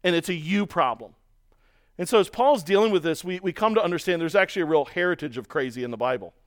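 A man preaching a sermon, telling stories in a lively way and acting out the voices of other people. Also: a little high, fast talker. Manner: storytelling, animated, mimics voices in quotes. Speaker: pastor.

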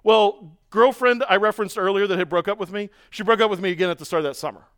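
A man preaching a sermon, telling stories in a lively way and acting out the voices of other people. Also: sits high, fast, smooth. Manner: storytelling, animated, mimics voices in quotes. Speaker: pastor.

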